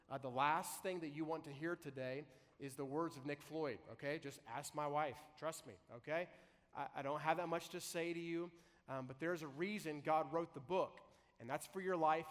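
A man preaching a sermon as pastor, talking in a conversational way and slowing down to read scripture aloud. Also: a little high, long reverb tail. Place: large church hall.

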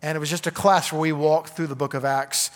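A man's voice: on the high side, steady tone, a little fast, in a large hall. A man preaching a conversational sermon, full of "okay?" asides to the congregation. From Arkansas. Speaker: pastor.

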